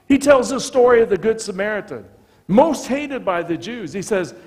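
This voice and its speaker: American pastor preaching in a reverberant church. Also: male voice, a little high, a little fast. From United States. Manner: animated storytelling, acts out dialogue. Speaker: visiting pastor. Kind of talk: sermon. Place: church sanctuary.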